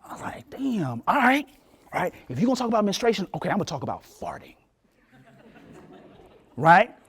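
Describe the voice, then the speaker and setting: A man in his late forties giving a talk as a professor, telling a story with lively asides and acted-out voices. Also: high voice, a little fast, slightly rough. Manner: animated storyteller, acts out voices, laughs. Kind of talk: lecture with storytelling.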